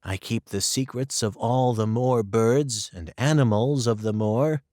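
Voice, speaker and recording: A man voicing a gentle, good-natured country boy in a storybook reading. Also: medium pitch, measured pace, dry recording, studio quality, close to an everyday voice.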